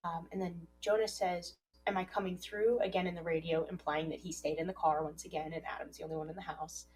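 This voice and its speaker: A woman co-hosts a podcast and walks through a horror series scene by scene. She speaks in a somewhat low voice and lifts into animated quotes of the characters. A faint hum sits in the background. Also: brisk, rough recording. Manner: animated, acts out quoted lines. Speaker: podcast co-host. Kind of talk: casual recap discussion.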